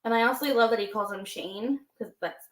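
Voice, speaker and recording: A woman's voice: on the high side, fairly quick. Chatty woman in an echoey room. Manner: recaps promos with quoted impressions. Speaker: podcast co-host. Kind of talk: casual wrestling chat.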